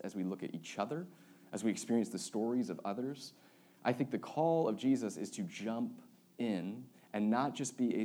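A young man gives a relaxed sermon from the pulpit. He talks like he's chatting with friends, mixing jokes and personal stories into his preaching. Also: lowish voice. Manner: casual, storytelling, joking with the congregation. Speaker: pastor. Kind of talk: conversational sermon.

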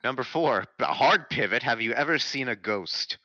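Male podcast host, lower voice, bright edge, joking and relaxed, dull lo-fi mic. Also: moderate pace, dry recording. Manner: laid-back, joking, reads questions from the chat. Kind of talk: casual chat.

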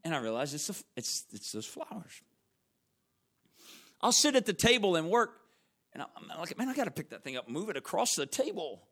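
A middle-aged man preaching with a high voice. He tells homey stories and hammers points by repeating them. His delivery moves between loud calls and hushed lines. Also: big pitch swings, normal speed. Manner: storytelling, emphatic, repeats phrases. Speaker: pastor. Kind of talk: sermon.

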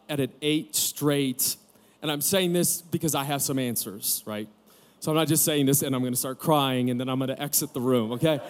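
A pastor in his forties preaching a candid sermon, telling a personal story with joking asides to a live audience. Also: medium pitch. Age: 40s. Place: camp gathering room with audience.

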